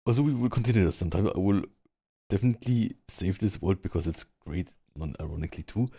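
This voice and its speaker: A man's voice: sits low, quick pace, mellow, breathy edge, no echo. A man with a German accent, chatting casually in a virtual world and rambling with lots of fillers as he practices word sounds. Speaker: VR social game player. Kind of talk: casual chat. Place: online virtual world, speaking from home.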